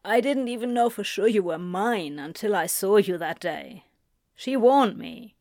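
A woman voicing a middle-aged male doctor who speaks in a halting, apologetic way, read slowly and dry. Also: mid-range voice, lively intonation, a little mellow, dry recording. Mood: earnest.

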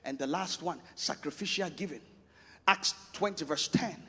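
A man preaching a sermon, emphatic and repetitive, shouting out scripture and lists of points. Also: a little high, normal speed, husky. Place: church. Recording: long reverb of a church hall.

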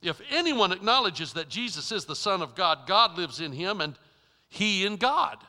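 Emphatic male preacher with a high, piercing bright voice, in a hall with long reverb. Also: lively intonation, slow. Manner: emphatic, dramatic shifts in loudness. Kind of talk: storytelling sermon.

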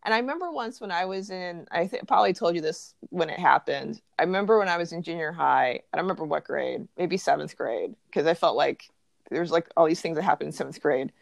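A woman's voice: on the low side, fast, gravelly, no room sound. A young woman from the Los Angeles area, co-hosting a podcast and telling stories in a casual chat with lots of fillers and restarts. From greater Los Angeles area. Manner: chatty storytelling, many fillers and restarts. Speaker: podcast co-host.

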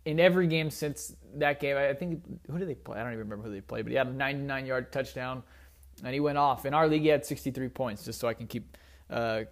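A man's voice: mid-range voice, fast talker. A young man hosting a solo sports podcast, rambling casually with fillers and restarts, joking at his own expense. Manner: rambling, self-deprecating, with many fillers and restarts. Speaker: podcast host.

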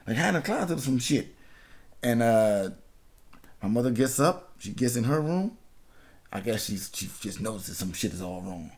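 A man's voice: fairly low pitch, measured pace, pauses often. A man in his thirties from Washington, D.C., a podcast host, tells a story in casual chat, swearing freely, laughing, and acting out the people in it. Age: 30s. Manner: profane, laughing, animated storyteller.

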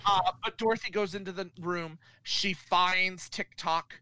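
A man's voice: high-pitched, measured pace, dry recording, rough recording. A man casually recapping a film plot for a co-host, acting out the characters' lines as he goes. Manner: animated storyteller acting out characters. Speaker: podcast co-host.

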